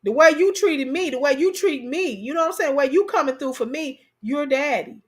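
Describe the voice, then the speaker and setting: High-pitched, animated, and brisk, this co-host tells lively stories in a relaxed chat. She repeats phrases for emphasis and talks straight to her listeners.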